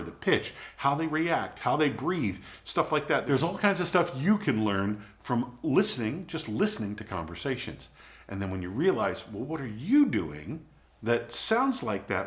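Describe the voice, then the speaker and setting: An animated man talks straight to the camera with a conversational, encouraging manner. His voice sits at a middle pitch but swings widely up and down as he coaches viewers with friendly tips. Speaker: video coaching host. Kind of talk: casual advice to camera.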